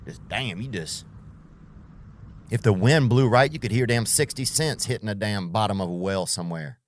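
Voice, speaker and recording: Male comedian, podcast monologue, rambling and profane, low-ish voice, dry sound. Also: normal speed, no room sound. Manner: profane, rambling, full of restarts and tangents; slangy.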